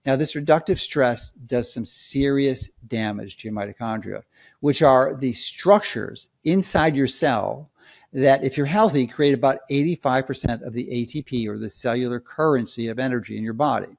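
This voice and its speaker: A man's voice: medium pitch, normal speed, gravelly. A man speaking straight to his audience in an emphatic, lecturing way, repeating his key points. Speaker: health commentator. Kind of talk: direct-to-camera explainer.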